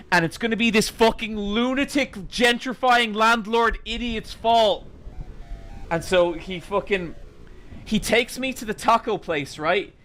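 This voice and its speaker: Animated, swearing male streamer. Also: high voice. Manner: animated, exasperated, swears constantly. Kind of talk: casual storytelling while gaming.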